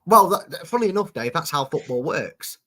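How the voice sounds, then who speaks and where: A man hosts a relaxed football prediction show. His voice sits a little high, and he talks in a chatty, teasing way while reading out viewers' score picks. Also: a little fast. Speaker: host. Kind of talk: casual football prediction chat.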